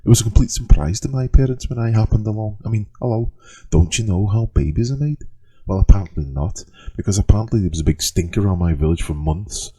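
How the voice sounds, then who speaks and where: A man's voice: fairly low pitch, lively intonation, fast, dark tone, husky, pitched above the performer's own voice. A man voicing a young male kender sorcerer who tells his strange backstory in a Liverpool accent, wry and chatty. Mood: wry storytelling. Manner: wry, storytelling.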